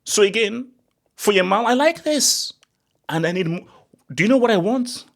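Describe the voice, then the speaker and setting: Animated man ranting about football. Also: sits high, normal speed, vocal fry. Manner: animated, excitable, with repeated restarts and rising outbursts. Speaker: football channel host. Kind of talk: casual opinion monologue.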